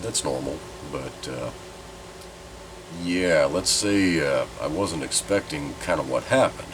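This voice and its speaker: A deep-voiced man talks through a stuffy, nasal voice, still getting over a sinus infection. He rambles along in a chatty, candid way and swears now and then. A faint air conditioning hum runs underneath. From Southern Oregon. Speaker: channel host. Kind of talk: casual vlog update.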